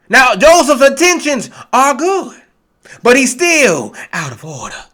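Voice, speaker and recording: High, bright-voiced man preaching bluntly. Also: wildly swooping pitch, unhurried. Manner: blunt and confrontational, profane, mocking. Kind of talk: street-style sermon, Bible reading.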